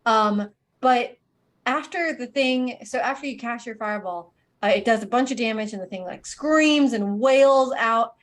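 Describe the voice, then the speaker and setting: A woman's voice: a little high, normal speed. A woman narrating as game master of a tabletop game, talking loosely with many fillers. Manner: rambling, filler-heavy narration. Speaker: dungeon master.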